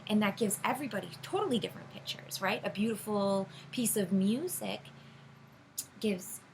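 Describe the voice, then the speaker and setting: A woman's voice: medium pitch, normal speed, creaky, a little hiss or hum, low-quality recording. A woman tarot reader teaching beginners in a loose, rambling way, with many fillers and restarts. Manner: rambling, filler-heavy, self-correcting. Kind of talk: casual teaching monologue.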